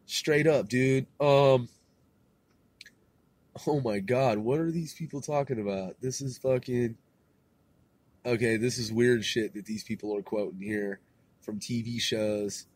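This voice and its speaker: A man's voice: medium pitch, steady tone, measured pace, pauses often, a little mellow, dry recording. A man in his thirties hosting a solo podcast, rambling in loose, profane slang and laughing at himself as he reads things aloud. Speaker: podcast host.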